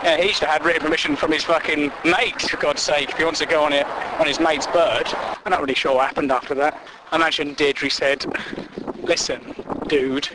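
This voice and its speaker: A man's voice: on the high side, fairly even intonation, fast talker, background noise. A man giving a rambling, sweary comic monologue, exasperated and jumping between bits.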